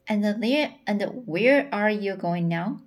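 Polite, indignant young woman, read by a woman, unhurried. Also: medium pitch, expressive.

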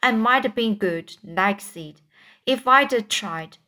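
A woman's voice: mid-range voice, animated, slow pace, pushed and bright. A woman voicing Tom, a frightened young boy who whispers urgently in a storybook reading.

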